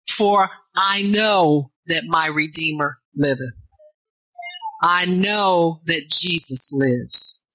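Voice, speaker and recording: In a low-quality recording with no room sound, a woman with a lowish voice preaches a sermon. She reads scripture and answers herself in call-and-response asides that climb into fervent near-shouts.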